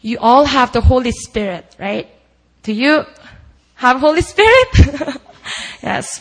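Slow, gravelly woman preaching earnestly. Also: a little high, low-quality recording. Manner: earnest, asks the listeners many rhetorical questions. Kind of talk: sermon at a prayer meeting.

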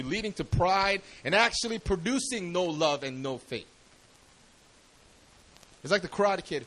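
High-pitched guy giving a sermon, laid back and slangy, keeps asking questions. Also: a bit bright, poor audio. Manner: casual, slangy, asks the crowd questions. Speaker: preacher.

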